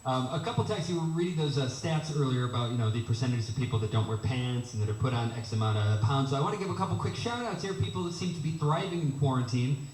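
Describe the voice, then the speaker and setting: A man's voice: medium pitch, fast talker, a little mellow, echoey room, distant mic, slight background noise, low-quality recording. A man co-hosting a morning radio show, chatty and friendly as he reads out listener texts. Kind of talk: casual morning radio banter. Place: radio studio.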